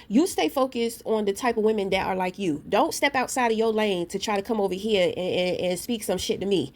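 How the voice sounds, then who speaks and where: A woman's voice: medium pitch, fairly quick, hardly any pauses. A woman and parent ranting to her camera in a blunt, profane, confrontational way, telling a story full of asides. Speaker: vlogger. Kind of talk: casual rant to camera.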